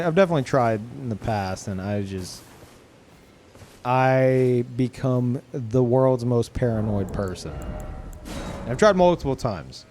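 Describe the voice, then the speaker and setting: A man's voice: medium pitch, darkish tone. A man from Louisiana chatting casually on a live stream, rambling and swearing, with many restarts.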